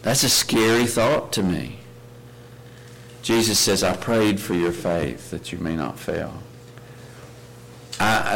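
A man's voice: lowish voice, gravelly, a bit bright, poor audio. An earnest man preaches a sermon, reading scripture aloud with rising emphasis. He keeps turning to his listeners with questions. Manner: earnest, asks the congregation many questions.

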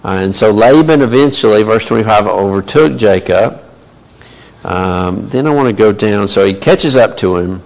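A man with a gravelly voice leads a Bible study. He talks in a loose, conversational way, full of fillers and asides. His voice rings with the long reverb of a large hall. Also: lowish voice, normal speed. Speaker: Bible teacher.

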